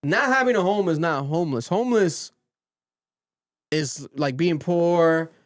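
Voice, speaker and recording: A man hosting a podcast, recapping a reality show in animated casual chat and swearing freely. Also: fairly high pitch, unhurried. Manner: animated storytelling, swears freely, quotes people in raised voices. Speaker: podcast host.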